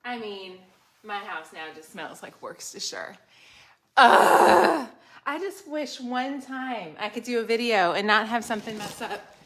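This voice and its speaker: A woman's voice: medium pitch, lively intonation, normal speed, fairly bright tone, a little hiss or hum. Chatty woman cooking at home. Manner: chatty, self-deprecating, talks straight to viewers. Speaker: cooking vlogger. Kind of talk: casual cooking demonstration. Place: home kitchen.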